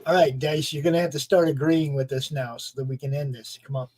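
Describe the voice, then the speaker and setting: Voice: medium pitch, fairly even intonation, fast talker, a little mellow, a little hiss or hum, low-quality recording. A tabletop game player eagerly describing moves and urging the others on. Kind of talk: casual tabletop game play.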